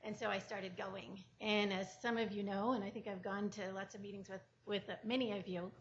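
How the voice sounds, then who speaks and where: A woman's voice: medium pitch, level tone, fairly quick, dull audio, a little hiss or hum. An older woman from Central California giving an earnest, emotional public comment at a board meeting, catching herself mid-sentence now and then. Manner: earnest, emotional, self-correcting. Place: public hearing room.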